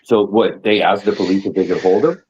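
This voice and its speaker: Brief: male co-host, very deep voice, easygoing short replies, dull lo-fi mic. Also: a little fast, darkish tone, breathy edge. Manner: laid-back, short replies, says dude a lot. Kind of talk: casual chat.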